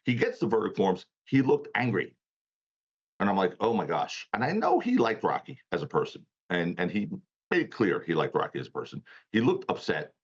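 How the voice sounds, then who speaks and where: A man's voice: low-pitched, big pitch swings, brisk, breathy edge, dull audio. A male defense attorney, a guest on a talk show, telling a story emphatically and laughing now and then, over a remote call. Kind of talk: animated storytelling interview.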